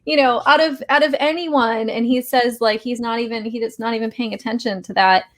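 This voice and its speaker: A woman hosting a casual interview, enthusiastic and quick to affirm her guest. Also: fairly high pitch, steady tone. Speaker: host.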